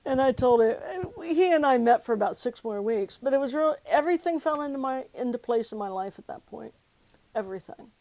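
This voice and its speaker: A woman's voice: fairly high pitch, animated, moderate pace, warm tone, no room sound, poor audio. A woman who was once a pastor tells her life story in an oral history interview, reflective and emotional, often quoting past conversations. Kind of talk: personal storytelling.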